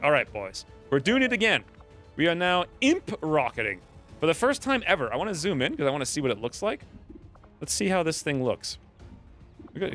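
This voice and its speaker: A man's voice: on the high side, a bit bright. A man giving casual live commentary on a strategy game, chatty and thinking aloud, often laughing. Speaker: game streamer.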